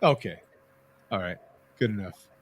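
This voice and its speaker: A man's voice: on the low side, expressive, normal speed, breathy edge. A man hosting a casual live-stream chat, joking and laughing often. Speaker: host.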